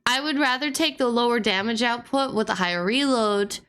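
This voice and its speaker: A woman's voice: on the high side, fairly quick, a bit bright, clean tone. A woman streamer chatting casually and giggling while she reacts to a gaming video.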